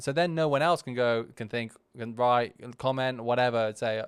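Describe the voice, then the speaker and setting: Rambling man with a smooth, dry voice. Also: medium pitch, normal speed, no room sound. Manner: rambling, full of "you know" and restarts; candid and self-deprecating. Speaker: podcast host. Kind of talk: casual commentary on his own video.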